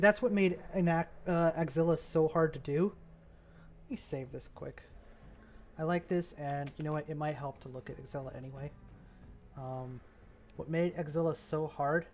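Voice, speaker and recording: A man's voice: fairly high pitch, a little mellow, a little hiss or hum. A man thinking aloud in a casual, rambling way as he builds a game map, often trailing off. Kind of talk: casual commentary while working.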